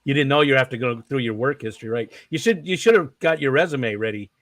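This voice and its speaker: A man's voice: medium pitch, animated, fast talker, fairly bright tone, dry recording, clean studio sound. A man hosting a casual interview stream, rambling and chuckling as he talks. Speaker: stream host.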